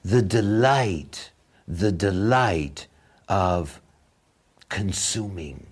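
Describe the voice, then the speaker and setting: A man delivers a lecture with wry, mocking humor. His voice is husky, and his pitch rises and falls a great deal. He speaks slowly and drawn out. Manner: sardonic, mocking, animated. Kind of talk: spoken lecture.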